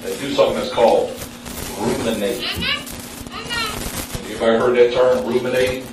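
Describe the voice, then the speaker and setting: A man preaching a sermon in a church, calling on the congregation for responses and jumping up in pitch for emphasis. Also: steady tone, normal speed, noisy background. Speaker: pastor. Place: church sanctuary. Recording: very echoey room, mic at a distance.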